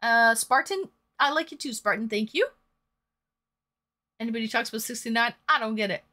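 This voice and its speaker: Bright-voiced woman streamer chatting. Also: fairly high pitch, moderate pace. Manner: chatty, reads and answers viewer chat aloud. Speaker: live-stream host. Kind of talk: casual live-stream chat.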